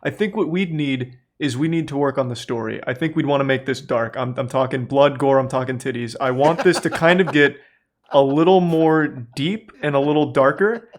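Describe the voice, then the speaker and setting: A man's voice: medium pitch, moderate pace. Mock-serious man as investor judge.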